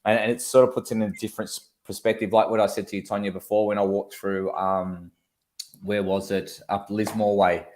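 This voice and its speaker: Australian male co-host, low-ish pitch, casual chatter. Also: flat delivery, a little fast, a little mellow. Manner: chatty, reads viewer comments aloud. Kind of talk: casual livestream chat.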